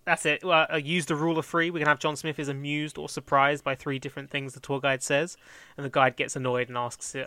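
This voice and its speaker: Bright-voiced man, rambling. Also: mid-range voice, flat delivery, fast talker, smooth, dry recording. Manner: rambling, self-correcting, laughs often. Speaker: fan script co-writer. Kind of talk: casual planning chat.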